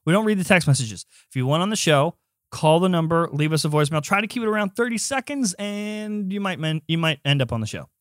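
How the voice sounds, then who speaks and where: Young podcast dude, kinda high voice, gets all worked up, super dry close mic. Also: male voice, fast talker, no room sound. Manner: excitable, voice jumps up when emphatic. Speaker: podcast co-host. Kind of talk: casual chat.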